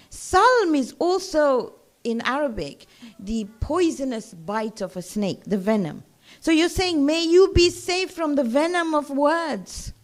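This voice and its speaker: A woman giving a religious lecture to a gathering, in a conversational way that keeps checking in with her listeners. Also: a little high.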